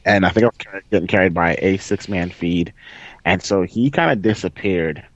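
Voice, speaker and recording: Excitable man retelling a game story. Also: sits low, moderate pace, no room sound. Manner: excitable storyteller, reenacts with loud outbursts. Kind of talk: casual gaming story chat. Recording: dry, slightly dull sound.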